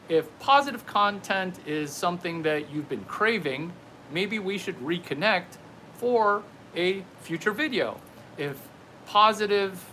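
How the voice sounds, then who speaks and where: A man's voice: a little high, sharp tone, slight background noise. A man delivering a rambling, playful comedy monologue to camera, riffing through absurd tangents while palming a basketball. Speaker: comedian vlogger.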